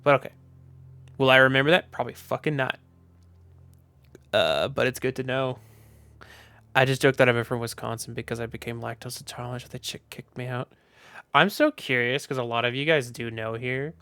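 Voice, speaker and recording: A man with a Southern US accent chatting casually on his stream, loose, profane and quick to laugh. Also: mid-range voice, sharp tone, smooth, dry recording. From Southern United States. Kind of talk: casual livestream chat.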